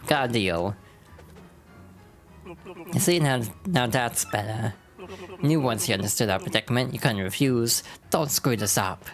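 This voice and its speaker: A woman voicing a gruff male mobster goon in a game, talking in tough-guy slang. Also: very deep voice, lively intonation, measured pace, long pauses, soft background music.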